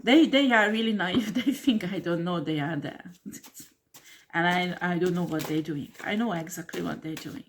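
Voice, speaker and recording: A woman's voice: lowish voice, moderate pace, a little hiss or hum. Blunt, swearing woman tarot reader. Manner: blunt, combative, swears and laughs scornfully; repeats "do you understand?" and "okay?". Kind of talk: tarot reading monologue to camera.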